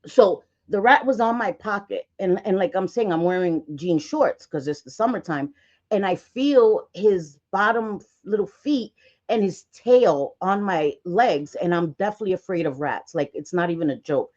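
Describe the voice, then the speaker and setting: A woman's voice: on the low side, expressive, moderate pace, darkish tone. Chatty woman on a lo-fi livestream. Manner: chatty storytelling, swears freely; frequent laughs and restarts. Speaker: livestream host. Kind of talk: casual livestream chat.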